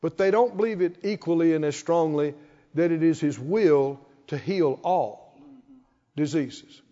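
Male pastor, high voice, slow deliberate delivery, call-and-response preaching, echoing church hall. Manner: call-and-response preaching, rising to emphatic shouts. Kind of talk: sermon. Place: church sanctuary. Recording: reverberant hall, dull lo-fi sound.

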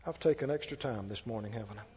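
Preaching in a church sanctuary, a male pastor delivers a folksy, conversational sermon with chatty asides, speaking fast in a lowish, dark-toned voice. The church hall sounds echoey and dull.

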